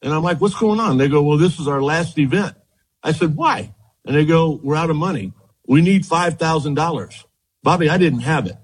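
A man, a former baseball pitcher, telling lively stories as a guest in an interview, often repeating himself as he goes. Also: normal speed, breathy edge, poor audio. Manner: animated storyteller, quotes others, repeats words. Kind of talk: storytelling interview chat.

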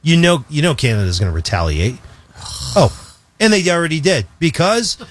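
A man co-hosting a radio show in casual on-air chat, animated and jokey, often restarting his sentences. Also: a little high, moderate pace, a little hiss or hum. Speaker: radio co-host.

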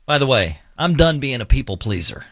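A man's voice: medium pitch, sing-song, brisk, a bit bright, dry recording, studio quality. A man hosting a morning radio show, trading bad jokes and teasing himself in casual banter. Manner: joke-telling, self-mocking.

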